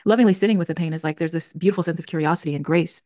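A woman's voice: lowish voice, racing, dark tone, no room sound, clean studio sound. A woman in her thirties hosting a solo podcast, speaking in an earnest, reflective way and often correcting herself mid-sentence. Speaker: podcast host. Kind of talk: solo podcast talk on emotions.

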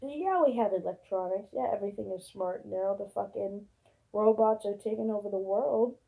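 A woman's voice: mid-range voice, moderate pace, vocal fry, narrow, tinny audio. A young woman vlogging alone in a casual, profane, rambling rant full of fillers and rhetorical questions. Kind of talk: casual ranting monologue.

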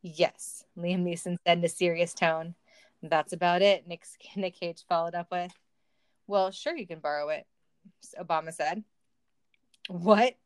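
A woman's voice: on the low side, clean tone, no echo. A woman reading a silly story aloud for comedy, with wry asides and laughter. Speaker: reader of a fan story.

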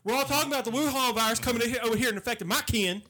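A man's voice: extremely high pitch, moderate pace, a crowd in the background. A man voicing a preachy male Southern redneck who lectures in a folksy way about his kin. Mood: lecturing.

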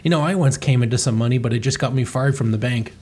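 A man's voice: medium pitch, quick pace, a loud crowd. A man co-hosting a podcast, telling one-liners and teasing in casual chat. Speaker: podcast co-host.

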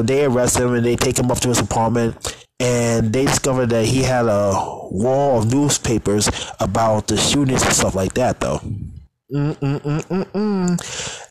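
A man's voice: mid-range voice, a little hiss or hum, rough recording. A man casually recapping a TV episode in a rambling, filler-heavy way, often tacking on "though". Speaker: show recapper.

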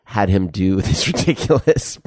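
A man's voice: on the low side, animated, normal speed, a little mellow, no echo, clean studio sound. A man co-hosting a podcast in casual chat, laid-back and hesitant with many fillers. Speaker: podcast co-host.

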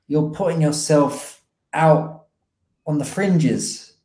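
A man's voice: a little high, a little slow, dark tone. Man, casual podcast chat, reflective, self-deprecating, echoey room. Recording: roomy echo.

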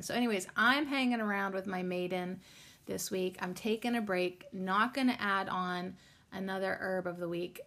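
A woman's voice: mid-range voice, creaky, a bit bright. A woman hosting her own podcast, talking in a chatty, rambling way with many ums and the odd curse word. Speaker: podcast host. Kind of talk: casual solo podcast chat.

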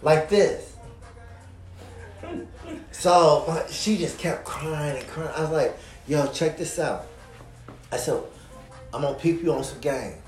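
A man's voice: on the high side, unhurried. A man who is a guest on a podcast, rambling and repeating himself as he tells a story. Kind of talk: casual chat. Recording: echoey room, faint music.

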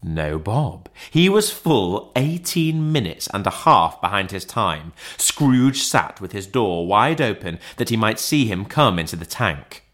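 Man reading a classic story aloud, very lively pitch, theatrical. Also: measured pace, few pauses. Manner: expressive, theatrical. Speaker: narrator. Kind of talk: audiobook narration.

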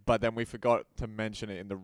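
A man's voice: on the low side, flat delivery, fast, clean tone, no room sound, clean studio sound. A man co-hosting a comedy podcast, laid-back and sardonic, swearing casually. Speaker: podcast co-host.

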